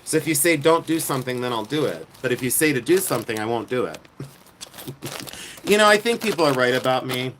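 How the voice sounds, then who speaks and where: A man's voice: medium pitch, lively intonation, fairly quick, a bit bright, a little hiss or hum. A middle-aged American man hosting a casual live stream, chatting and joking with viewers in a self-deprecating way. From United States. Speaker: livestream host, jewelry reseller. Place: outdoors at night.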